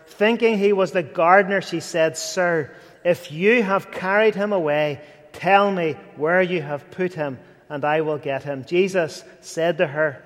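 A man's voice: fairly high pitch, unhurried. A man preaching an earnest sermon, rising to fervent and dropping to near whispers. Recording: long hall reverb.

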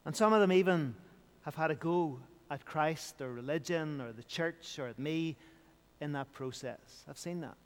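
A man's voice: fairly high pitch, normal speed, clear, resonant tone, in a large hall. A man preaching an evening sermon in an earnest, repetitive style, building emphasis as he goes.

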